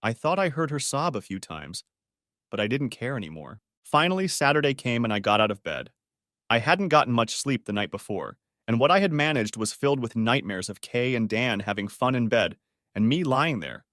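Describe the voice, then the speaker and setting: A man's voice: medium pitch, a bit bright, no room sound, studio quality. Man narrating a bitter first-person story. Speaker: audiobook narrator.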